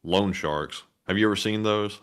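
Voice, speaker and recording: A fairly low-pitched man co-hosts a casual live stream. He reads viewer messages aloud in a plain voice, then slips in dry puns and doubtful remarks. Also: normal speed, smooth. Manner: dry puns, skeptical asides. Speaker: co-host reading super chats.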